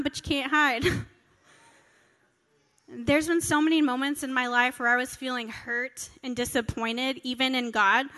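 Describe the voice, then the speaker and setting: A woman in her thirties delivers an earnest, conversational sermon to a family congregation. Her voice sits high and bright, and she talks like she's chatting with friends. A long reverb from the church hall trails behind her words. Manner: earnest, conversational, acts out quoted prayers. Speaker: pastor.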